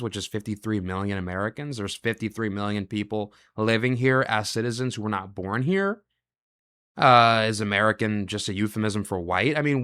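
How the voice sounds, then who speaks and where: A male show host delivering a reaction monologue, asking rapid rhetorical questions and running through long lists of ideas. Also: on the low side, sharp tone.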